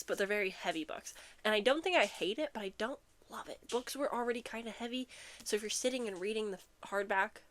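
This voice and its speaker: A young woman chats breathlessly through a book unboxing, quick to giggle and to burst into excited asides. Her voice sits at an ordinary middle pitch for a woman, and her talk is relaxed and conversational. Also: slight background noise. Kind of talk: casual chat and reading blurbs aloud.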